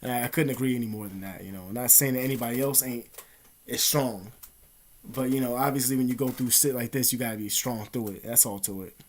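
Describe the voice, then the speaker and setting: A man vlogging in a rambling, profane, animated storytelling monologue. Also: mid-range voice, quick pace. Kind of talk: casual monologue.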